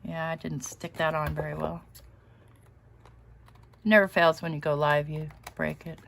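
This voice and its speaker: A woman talks casually through a live crafting session. Her voice sits a little low, and her chatty, self-deprecating manner is full of easy laughter. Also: little pitch movement, a little slow, creaky. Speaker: crafting channel host.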